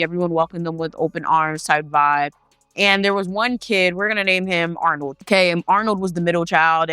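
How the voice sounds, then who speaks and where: A woman's voice: on the low side, pushed and bright, clear, resonant tone, dry recording, clean studio sound. A woman telling a paranormal story in a casual, chatty way, swearing freely and talking straight to her viewers. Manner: chatty, profane, addresses the viewers directly.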